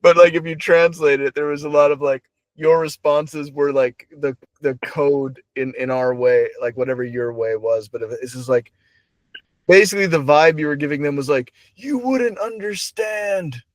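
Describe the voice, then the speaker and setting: A man's voice: on the high side, fairly even intonation, normal speed, no room sound. A young man hosting a casual podcast, rambling with lots of fillers and laughing often. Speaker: podcast host. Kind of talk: casual chat.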